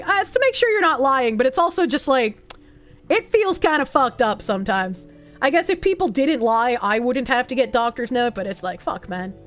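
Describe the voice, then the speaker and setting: A young woman with a high voice rambles through a livestream, reading donations and chat aloud. She is animated and swears freely. Soft music plays quietly behind her. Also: fairly quick. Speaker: streamer. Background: faint music.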